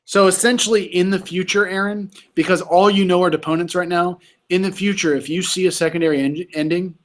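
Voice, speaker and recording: A man's voice: high-pitched, fairly even intonation, a little fast, fairly bright tone. A man tutoring students in Greek grammar, patient and quizzing them on verb forms. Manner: patient, quizzing, says "you tell me". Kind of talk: casual tutoring session.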